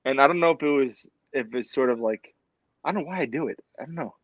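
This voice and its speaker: Man, mid pitch, rambling and halting, dry, slightly muffled recording. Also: no room sound. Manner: rambling, halting, casual swearing. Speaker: podcast co-host. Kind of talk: casual chat.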